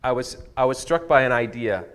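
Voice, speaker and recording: A man's voice: medium pitch, expressive, a little fast, a bit bright. Candid storytelling male pastor. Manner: candid, personal storytelling, self-deprecating. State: tearful at times. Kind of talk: sermon. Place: church sanctuary.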